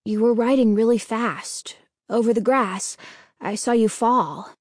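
Woman doing a gentle worried boy, soft and careful, storybook voice, dry sound. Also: fairly high pitch, measured pace, no echo. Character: concerned, gentle young boy.

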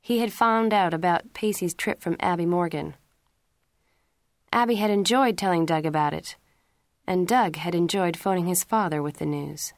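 A woman narrates a story in a steady, clear audiobook reading. Her voice sits on the low side. The sound is dry and close with no room echo. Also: normal speed.

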